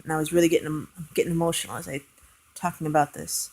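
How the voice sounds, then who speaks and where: Low-voiced woman telling a family story. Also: fast talker, darkish tone, slightly rough. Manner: earnest, hesitant, with fillers and restarts. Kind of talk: casual storytelling vlog.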